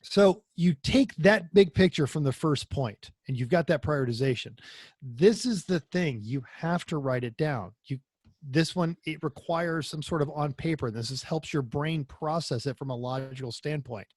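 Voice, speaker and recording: A man's voice: on the high side, normal speed, darkish tone, slightly rough, no echo, clean studio sound. A man co-hosting a casual racing podcast, rambling and jokey, often repeating words. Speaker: podcast co-host. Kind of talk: casual chat.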